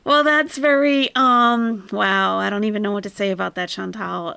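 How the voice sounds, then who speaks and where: A woman's voice: medium pitch, creaky, pushed and bright, no echo. A woman hosting a reaction commentary, wry and amused, talking at her computer close to the mic. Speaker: commentary host.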